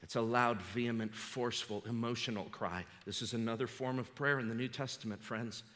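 A man's voice: medium pitch, fairly even intonation, a little fast, a bit bright. A man preaching a sermon as a pastor, fervent and emphatic. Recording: long hall reverb.

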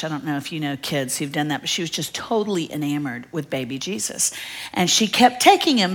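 Woman, middle-aged, low voice, sermon storytelling, animated. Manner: animated storyteller, acts out children's cries. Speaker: preacher.

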